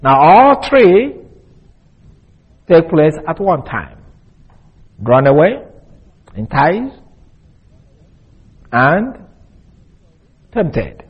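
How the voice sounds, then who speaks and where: A male Bible teacher giving a deliberate expository lesson and spelling out Greek words letter by letter. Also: on the high side, very animated, breathy edge, highs cut off.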